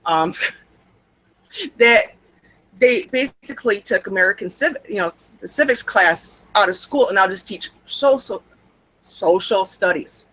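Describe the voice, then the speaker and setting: A woman's voice: mid-range voice, lively intonation, measured pace, fairly bright tone, breathy edge, no echo, poor audio. A young adult woman co-hosting a podcast, chatting casually in a rambling, wry, self-mocking way. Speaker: podcast co-host. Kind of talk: casual chat.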